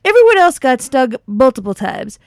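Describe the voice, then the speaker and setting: A woman's voice: high voice, very animated, normal speed, dry recording, studio quality. A woman playing an anxious, sarcastic hypochondriac health reporter in a comedy radio sketch. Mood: fretful. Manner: fretful, sarcastic worrying.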